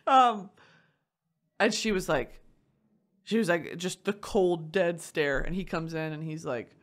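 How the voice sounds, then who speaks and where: A woman hosting a podcast, chatting casually in an animated way, swearing often and laughing through a story. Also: fairly low pitch, unhurried. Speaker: podcast host. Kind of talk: casual chat.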